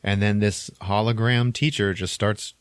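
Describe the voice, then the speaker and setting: A man co-hosting a podcast, casually retelling a movie plot with animated acted-out quotes and laughter. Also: fairly low pitch, normal speed, clean tone, dry recording. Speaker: podcast co-host. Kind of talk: casual movie recap chat.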